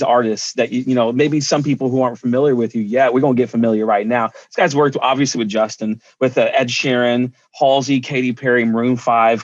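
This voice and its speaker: A man's voice: mid-range voice, dry recording, lo-fi sound. Chatty male interview host. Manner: upbeat, chatty, rambling questions. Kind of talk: casual interview.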